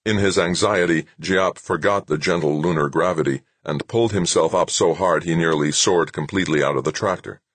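A man narrating an audiobook in a steady, measured reading style. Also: sits low, slightly rough, no echo. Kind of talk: scripted narration.

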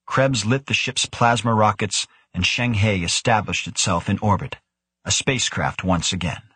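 A male audiobook narrator reads in a steady, measured way, with a low and slightly husky voice. The recording is dry and close, with no room sound. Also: no echo. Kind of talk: scripted narration.

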